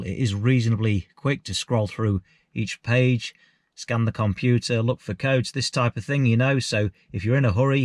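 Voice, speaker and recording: A man's voice: medium pitch, dry recording, clean studio sound. A man giving a casual, candid explanation in a car vlog, chatting directly to his viewers. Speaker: car enthusiast vlogger.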